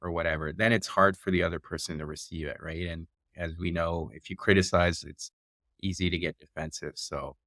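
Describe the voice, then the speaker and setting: Deep-voiced male podcast host. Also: brisk, no echo, clean studio sound. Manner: calm, affirming, with small backchannels and restarts. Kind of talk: conversational interview.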